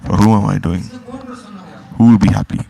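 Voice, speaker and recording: A man's voice: fairly low pitch, fairly even intonation, normal speed, vocal fry, warm tone, rough recording. A man giving a devotional discourse, pressing his listeners with repeated rhetorical questions. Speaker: spiritual teacher.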